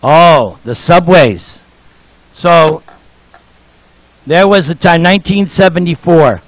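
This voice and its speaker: Older male preacher, jokey storyteller, highish voice, unhurried. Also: no echo, low-quality recording. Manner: jovial, joking storyteller. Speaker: speaker at a temple program. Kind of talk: sermon with anecdotes.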